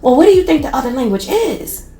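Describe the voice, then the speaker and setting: A woman voicing a blunt, protective young female roommate who swears loudly. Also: high voice, very animated, quick pace, soft background music, voice pushed up. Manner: brash, loud, swearing. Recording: roomy echo.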